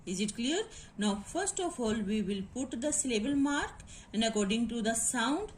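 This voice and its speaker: A woman teaching a phonetics lesson, spelling out words letter by letter and often asking whether it is clear. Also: a little high, big pitch swings, slight background noise. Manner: slow, spells out letters and syllables, repeats checks. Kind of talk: classroom lecture on phonetics.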